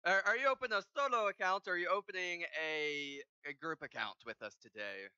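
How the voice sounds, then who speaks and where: Man doing a smooth eager banker. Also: sits high, fairly quick, pushed and bright, dry recording, muffled recording, pitched above the performer's own voice. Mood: ingratiating. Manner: ingratiating sales talk. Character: smooth, eager male banker, middle-aged.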